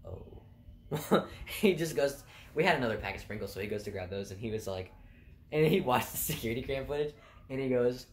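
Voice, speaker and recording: A man's voice: on the low side, brisk. A young man vlogging, telling stories from his job casually, laughing often and swearing freely. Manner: laughing, animated and profane. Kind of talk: casual storytelling. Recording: roomy with faint background noise.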